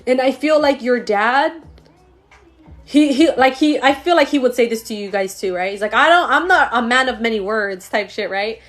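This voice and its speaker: Slangy woman psychic medium, slightly high voice. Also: lively intonation, moderate pace, a bit bright, soft background music. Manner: slangy, swears freely, talks straight to the viewer; emotional, laughs often while reading. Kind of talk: live-stream spirit reading, casual chat. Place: indoors, live stream.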